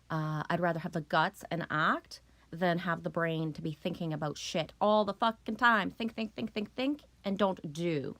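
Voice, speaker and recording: A woman's voice: lowish voice, a bit bright, dry recording. Profane, rambling woman live streamer. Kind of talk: casual live stream chat.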